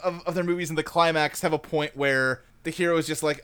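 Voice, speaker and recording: A man co-hosting a casual chat podcast who recaps a movie in a rambling, animated way, laughing often and slipping into quick mocking voices. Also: a little high, clear, resonant tone. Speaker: podcast co-host.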